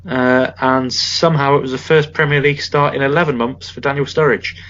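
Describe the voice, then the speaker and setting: A man's voice: medium pitch, steady tone, fairly quick, fairly bright tone, lo-fi sound. A man co-hosting a casual football podcast, talking in a wry, rambling way with joking asides. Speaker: podcast co-host.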